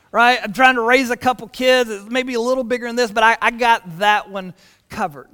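Animated pastor preaching. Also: male voice, high-pitched, a little fast, long reverb tail. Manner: animated storytelling with repeated restarts. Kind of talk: sermon. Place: church.

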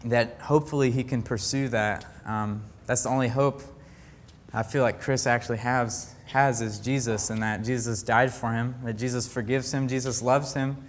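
In a large, echoing space, a young camp counselor earnestly recounts his faith testimony to a group. His tone is steady and mid-pitched, but he keeps stumbling, restarting, and searching for the right words.

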